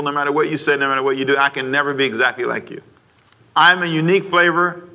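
A man's voice: on the high side, fairly even intonation, fast, sharp tone. A man pastor delivering a sermon, preaching emphatically with repetition and calling on listeners to repeat after him. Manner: emphatic preaching with repetition and call-and-response prompts.

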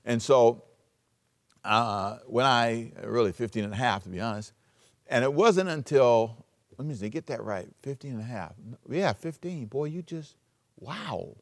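A man preaching a sermon as pastor, emphatic, switching between loud urging and quiet asides. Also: mid-range voice, expressive, measured pace.

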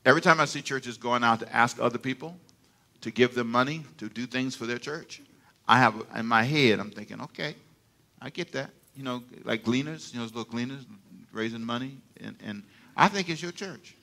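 In a church sanctuary, an older pastor preaches with animated storytelling, laughing and calling for amens from the congregation. His voice is mid-range and brisk.

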